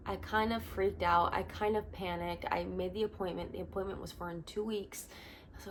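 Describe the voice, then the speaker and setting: A young woman, a missionary, telling her personal testimony in an earnest, animated vlog at home. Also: mid-range voice, moderate pace, slight background noise.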